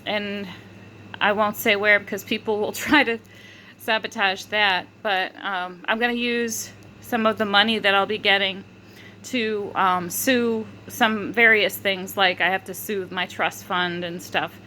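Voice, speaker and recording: A woman's voice: medium pitch, fairly even intonation, unhurried, bright, forceful tone, a little hiss or hum, low-quality recording. A woman vlogger telling a rambling story, full of fillers, restarts and frequent giggling. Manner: filler-heavy, restarts often. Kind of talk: casual rambling monologue.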